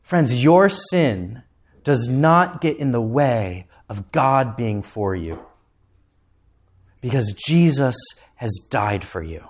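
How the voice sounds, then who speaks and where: A man preaching a sermon as pastor, impassioned, climbing to emphatic peaks and then dropping low and quiet. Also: expressive, takes it slowly.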